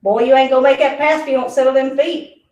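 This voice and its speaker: Woman putting on a gruff Southern man, scolding. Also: sits high, fairly even intonation, quick pace, darkish tone, pitched above the performer's own voice, close to an everyday voice. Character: rough Southern man scolding a young player. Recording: roomy, from a distance.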